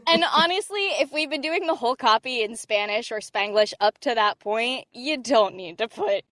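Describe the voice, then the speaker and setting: An American woman voice actor chatting casually in an interview, animated, laughing often and using many fillers. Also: on the high side, moderate pace, dry recording, studio quality. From Hispanic American.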